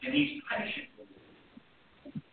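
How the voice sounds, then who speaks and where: A man preaching a sermon with impassioned delivery, swinging between shouts and hushed, near-whispered lines. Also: slow pace, slight background noise. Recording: echoey distant room, tinny phone-like sound.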